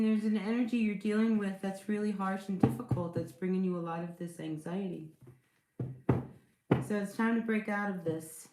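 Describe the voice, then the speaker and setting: A woman's voice: mid-range voice, roomy sound, noisy background. A woman giving a casual tarot reading to her viewers, chatty and reassuring, often checking in with "all right?" and "you know". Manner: chatty, reassuring, with many fillers and rhetorical check-ins. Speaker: tarot reader.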